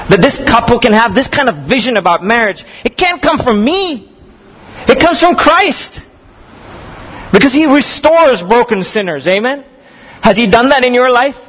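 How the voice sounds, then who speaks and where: High-voiced preaching man in an echoey hall. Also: fairly bright tone, husky. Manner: earnest, emphatic preaching with rising intensity. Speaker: pastor. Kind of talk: sermon. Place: church or seminar hall. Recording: echoey hall with faint ambience.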